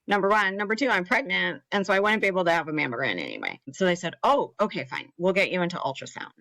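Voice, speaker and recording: Woman in her thirties, a bit low-pitched, dry close sound; earnest storyteller who slips into quoted voices. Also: sing-song, fast, bright, forceful tone, no room sound, low-quality recording. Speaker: podcast guest, cancer survivor. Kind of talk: personal storytelling in an interview.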